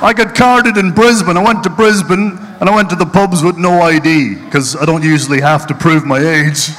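Bright-voiced Irish stand-up comic. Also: male voice, on the high side, moderate pace, long reverb tail. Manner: punchy, mocking storyteller. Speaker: stand-up comedian. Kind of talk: live stand-up comedy. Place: stage at a charity event hall.

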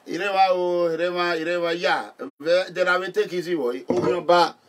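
A middle-aged Nigerian man chatting casually and joking with his viewers. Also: high-pitched. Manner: animated, joking, laughs often. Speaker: vlogger. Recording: voice distant from the mic.

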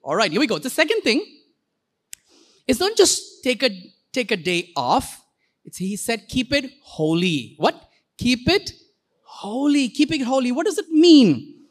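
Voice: mid-range voice, huge pitch swings. A pastor delivers a sermon in a church. The voice moves up and down freely, with playful asides and frequent calls for the congregation to repeat words back. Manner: playful, quick asides and jokes.

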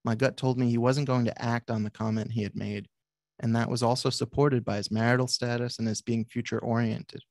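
A psychiatrist reading aloud from his own book in a measured way, with brief asides to the audience. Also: medium pitch, level tone, darkish tone, no room sound, clean studio sound. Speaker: author and psychiatrist.

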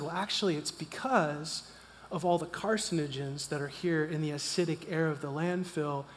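A man in his thirties preaching in a church, telling a personal story, animated and swinging from loud to hushed. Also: fairly high pitch, a little hiss or hum. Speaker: pastor. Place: church sanctuary. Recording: long reverb of a church hall.

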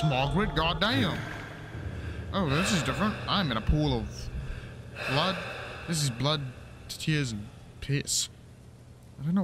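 Against background noise, a man with a fairly high voice plays through a horror game for his gaming channel. He keeps up a crude, profane, jokey running commentary, muttering silly mocking asides to himself.

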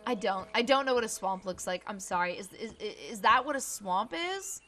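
Woman streamer, high bright voice, excitable and self-mocking. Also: moderate pace, faint music behind. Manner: excitable, panicky exclamations. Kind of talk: live gameplay reaction.

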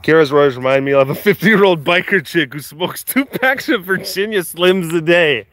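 Bright, playful man hosting a live stream. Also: a little high, expressive, normal speed. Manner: playful, teasing, laughing often. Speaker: livestream host at a big cat facility. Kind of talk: live stream chat, reading viewer comments.

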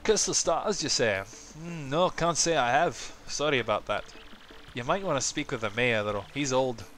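A man's voice: mid-range voice, normal speed, a bit bright, faint music behind, natural voice. A man doing a chatty turtle villager. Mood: welcoming. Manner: chatty, welcoming.

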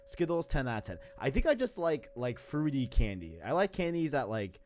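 A man's voice: mid-range voice, sing-song, normal speed, darkish tone. A man in his twenties with a faint New York accent, hosting a podcast in casual, rambling chat full of slang. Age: 20s. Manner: laid-back, slangy, rambling. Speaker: podcast host.

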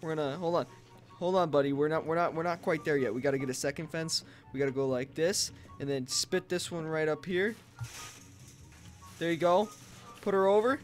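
A man hosting a casual gameplay video, talking excitably in a rambling way and often yelping and laughing into a headset mic. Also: on the high side, brisk, soft background music. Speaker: gaming channel host.

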